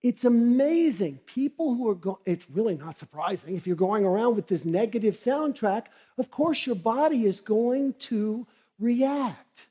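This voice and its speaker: A middle-aged man giving a humorous motivational keynote. He tells his stories in a lively way and acts out the characters as he goes. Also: sits high, unhurried, husky, muffled recording. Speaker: keynote speaker.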